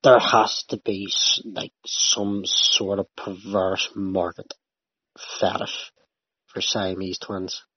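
A young man with a husky, slightly low voice rambles through a casual chat, swearing freely. His talk is animated and loose. The sound is dull and lo-fi. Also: slow.

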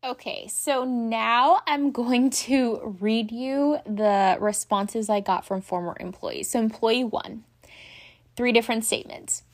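A young woman tells a story to her viewers in a loose, chatty way. Her voice sits a little high, and her talk is full of "like" and "um". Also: takes it slowly. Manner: chatty, animated, many fillers like "like" and "um". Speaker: vlogger. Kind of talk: casual storytelling.

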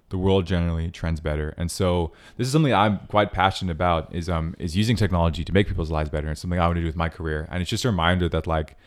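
Co-host, male, deep-voiced, thoughtful and earnest, loose casual delivery. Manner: earnest, reflective, many fillers and "like". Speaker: podcast co-host. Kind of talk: casual chat.

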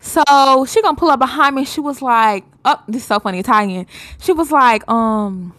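A woman's voice: high voice, normal speed, fairly bright tone, no room sound. A woman co-hosting a podcast in casual chat, telling a story with lots of swearing and acting out the people in it. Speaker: podcast co-host.

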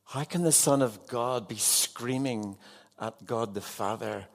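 Male pastor, mid-range voice, unhurried sermon delivery, earnest, questions the congregation. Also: medium pitch, vocal fry. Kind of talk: evening sermon.

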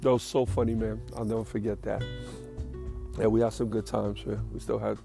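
Man, podcast host, gravelly, rambling casual storytelling, faint guitar. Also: on the low side, level tone, brisk, dark tone. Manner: rambling, profane, self-amused.

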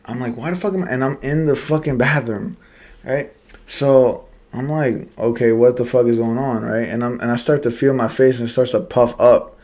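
A young man tells a story on a casual podcast, swearing freely and laughing as he goes. His voice sits at an ordinary pitch for a man. He talks in loose, animated chat with friends. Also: normal speed. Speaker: podcast co-host.

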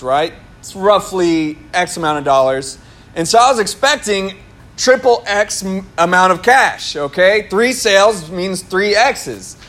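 A male pastor preaching a sermon, telling a personal story with laughter and acted-out quotes. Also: high voice. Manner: animated, laughing at himself, acts out his own past words.

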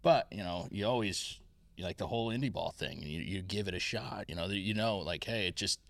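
A man who coaches pitching, telling stories in a casual podcast chat, self-deprecating and reflective. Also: a little fast, gravelly, no echo.

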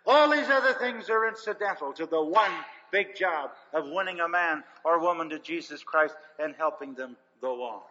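Pushed and bright, this older man's slightly high voice carries folksy sermon stories told with emphasis. The recording is lo-fi and dull, made in a hall full of reverberation.

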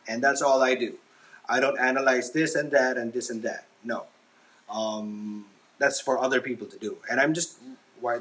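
An adult father hosts a casual solo podcast from his home kitchen while washing dishes, speaking hesitantly and self-consciously with many ums and restarts. His mid-range voice has a fairly bright tone. The recording quality is low.

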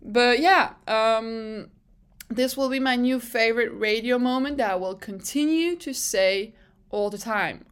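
A woman's voice: on the high side, unhurried, clean tone. A young woman from France with a French accent, chatting casually and giggling as she recaps a race weekend, swearing freely and using lots of fillers. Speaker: vlog host.

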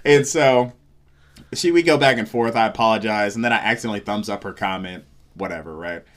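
In a fairly low-pitched voice, a comedian from Seattle, USA, briskly recounts a story in casual conversation. Animated, he performs the quoted lines of everyone involved.

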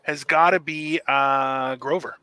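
A man's voice: medium pitch, slow, background noise. A man co-hosting a casual comedic podcast chat, laughing often and joking. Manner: animated, laughs often, jokey. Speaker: podcast co-host.

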